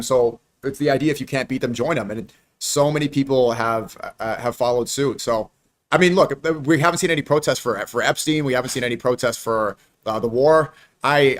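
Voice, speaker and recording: Fast-talking man telling a story. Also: mid-range voice. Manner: fast, animated anecdote telling. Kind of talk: casual chat.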